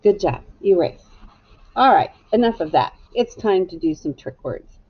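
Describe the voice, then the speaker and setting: A woman teacher giving a slow, patient phonics lesson to young children, spelling words out letter by letter. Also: fairly low pitch, animated, husky. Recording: dull lo-fi home video sound.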